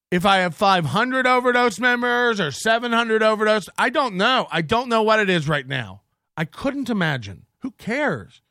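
A man's voice: high voice, bright, forceful tone, dry recording, studio quality. Profane, ranting man podcast host. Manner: profane, mocking, rambling rant. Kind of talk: casual rant reading chats.

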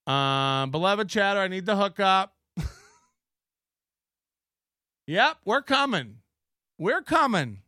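A man's voice: sits high, sing-song, slow, pauses often, bright, forceful tone, smooth, dry recording, clean studio sound. A man hosting a live online show in casual commentary, profane and mocking, laughing often.

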